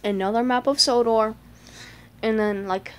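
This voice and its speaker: A woman's voice: fairly high pitch, steady tone, measured pace, clean tone. A woman chatting through a picture book page by page, filling her talk with "like" and small gasps. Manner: chatty, lots of "like", gasps and little voices. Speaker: fan showing a picture book. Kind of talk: casual book flip-through commentary.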